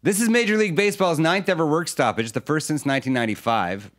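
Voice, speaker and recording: A man's voice: a little high, fast. A man hosting a comedic radio news quiz, posing questions and teasing the panel with wry replies. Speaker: quiz show host.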